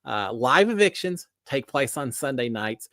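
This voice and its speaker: A man with a drawl hosts a casual livestream chat. His voice is lively, rising and falling a lot as he greets viewers by name. The sound is dry and close, with no room around it. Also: mid-range voice, measured pace, no room sound. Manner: folksy, greets viewers by name, many fillers. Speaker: livestream host.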